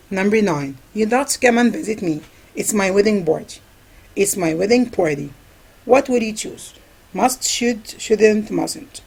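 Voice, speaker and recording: A woman's voice: medium pitch, measured pace, creaky, darkish tone, breathy edge, low-quality recording. A woman whose first language is Arabic, teaching an English grammar review lesson and answering her own questions. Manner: asks questions and answers them herself, repeats key words.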